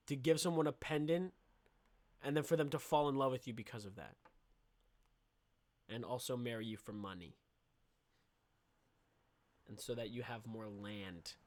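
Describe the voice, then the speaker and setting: Sarcastic young man riffing. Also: a little high. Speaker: podcast host. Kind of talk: comedic podcast monologue.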